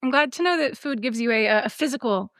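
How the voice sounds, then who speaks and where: A woman's voice: high-pitched, expressive, quick pace, a bit bright, no room sound. A woman in her thirties from Texas hosting a podcast, playful and teasing, laughing often. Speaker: podcast host. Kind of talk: casual chat.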